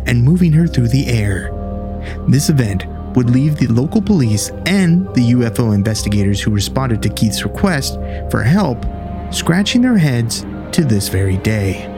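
A man reading a scripted intro with measured, dramatic storytelling. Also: mid-range voice. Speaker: podcast co-host, intro narrator. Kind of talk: scripted narration. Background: music bed.

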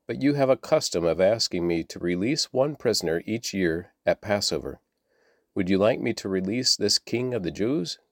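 Stern roman governor guy read by a man, deep-ish, dry, pushy questions going up at the end. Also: animated, moderate pace, dry recording. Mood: declaring. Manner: questioning, pressing, pitch rising on questions. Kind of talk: dramatic reading aloud.

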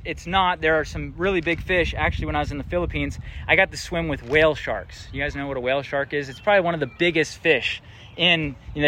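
Young male preacher, casual and interactive, bright high voice. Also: slight background noise. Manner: casual, asks the audience questions. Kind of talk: interactive sermon.

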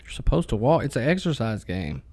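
Brief: joking, gravelly man, casual and profane. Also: medium pitch, big pitch swings, a little fast, a little mellow. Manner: crude, joking, swears freely. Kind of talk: casual chat.

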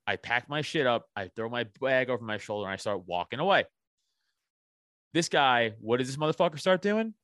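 A young man swapping stories on a podcast, loose and profane, jumping into other people's voices as he talks. His pitch sits right in the middle for a man, and the sound is dry and close, with no room around it. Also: brisk, no room sound. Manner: profane, animated storyteller acting out quoted voices. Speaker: podcast guest. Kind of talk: casual storytelling chat.

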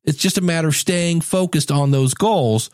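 A man's voice: a little high, normal speed, a little mellow, smooth, no room sound, clean studio sound. A man hosting a casual solo podcast, chatty and self-mocking, often acting out little quoted lines. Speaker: podcast host.

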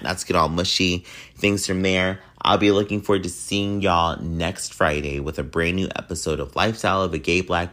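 Deep-voiced man hosting a podcast. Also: fairly bright tone. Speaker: podcast host. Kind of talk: casual podcast sign-off.

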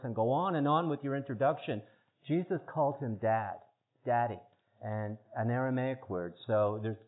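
A man giving an informal teaching talk, chatty and halting, often repeating words as he searches for phrasing. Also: medium pitch. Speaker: preacher. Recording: tinny phone-like sound.

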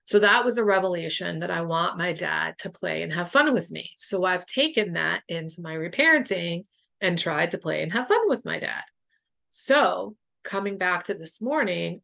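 A woman's voice: fairly low pitch, lively intonation, normal speed, vocal fry, a bit bright. A woman guest and boundaries coach telling personal stories in a frank, emotional way, swearing freely. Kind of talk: candid conversational storytelling.

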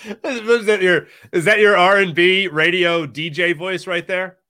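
A man co-hosting a casual sports talk show, animated and jokey, jumping between tangents. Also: sits high, unhurried, a little hiss or hum. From Philadelphia area. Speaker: sports radio co-host.

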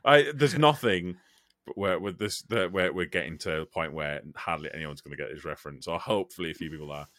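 A man's voice: low voice, brisk, fairly bright tone, no echo, studio quality. A man hosting a casual podcast chat, swearing freely and rambling through tangents. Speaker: podcast host.

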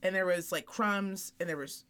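A woman's voice: fairly low pitch, moderate pace, a bit bright, clear, resonant tone. Chatty woman telling funny stories. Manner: candid, comic storytelling with acted-out quotes. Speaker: podcast co-host. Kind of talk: casual chat.

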